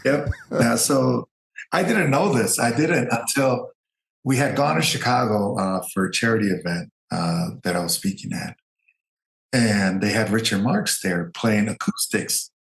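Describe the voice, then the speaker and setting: A man's voice: fairly low pitch, measured pace, vocal fry. A man, an Air Force veteran, telling stories as an interview guest and acting out the voices of people he quotes. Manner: animated storyteller, acts out quoted voices. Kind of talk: casual storytelling interview. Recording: roomy echo.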